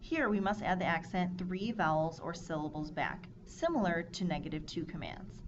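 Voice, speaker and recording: A woman with a slightly low voice teaches Spanish grammar in a measured, scripted lesson, reading out verb forms one after another. The recording is dull and lo-fi. A steady noise sits clearly behind her.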